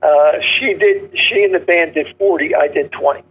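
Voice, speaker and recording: An older man telling comedy stories in a punchy, joke-driven way, acting out gruff characters. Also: a little high, normal speed, phone-quality sound. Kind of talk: casual storytelling interview.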